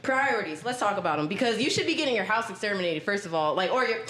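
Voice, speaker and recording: Animated, profane woman telling stories. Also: medium pitch, quick pace. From Baltimore. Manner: animated, profane, acts out voices in her stories. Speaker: tattoo shop owner. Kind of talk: casual storytelling. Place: tattoo studio. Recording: echoey room, faint background noise.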